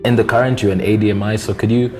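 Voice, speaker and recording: A man's voice: on the low side, level tone, very fast, darkish tone, soft background music. A young man from East Africa hosting a casual interview, encouraging his guest and following up with questions. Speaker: host.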